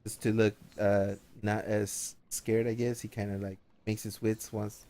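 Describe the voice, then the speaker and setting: A man narrating as game master of an online tabletop game, talking casually and haltingly with many fillers. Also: on the low side, little pitch movement, mellow.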